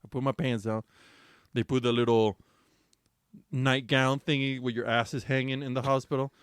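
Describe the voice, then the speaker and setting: A man's voice: mid-range voice, normal speed, smooth, dry recording. Podcast guy telling a crude story, swearing and laughing, dry close mic. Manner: animated, profane, laughing storyteller. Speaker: podcast co-host. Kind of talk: casual chat, storytelling.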